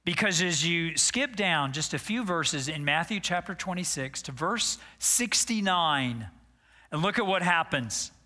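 A man preaching an animated, dramatic sermon as pastor. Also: a little high, measured pace.

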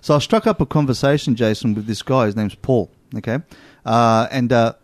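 An Australian man, a show host, tells a story with lively energy and keeps throwing in asides. His voice is at an ordinary pitch and sounds close and dry, with no room around it. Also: fairly quick, no echo. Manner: animated storyteller, lots of "you know what?". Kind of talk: casual chat.

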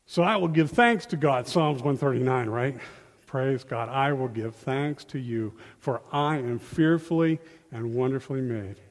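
A man giving an informal, animated sermon, acting out quotes in a folksy way, on a handheld mic in a church hall. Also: mid-range voice, unhurried. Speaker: lay preacher. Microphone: handheld microphone. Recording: long reverb of a hall.

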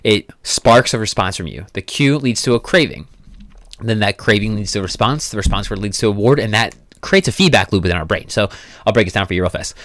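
A man's voice: lowish voice, expressive, fairly quick, a bit bright, no echo. Man, young adult, fitness coach, casual monologue, blunt, profane, emphatic, dry sound.

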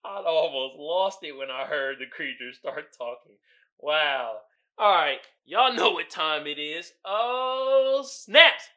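Male podcast host, very bright tense voice, lively swooping pitch, casual profane movie recap. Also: slow. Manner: animated, profane storytelling with frequent laughs.

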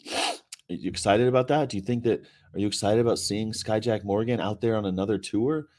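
This vegan activist livestream host talks from a hotel room, reading viewer comments with sarcasm, jokes and rambling asides. His lowish voice is steady, brisk and a little mellow.

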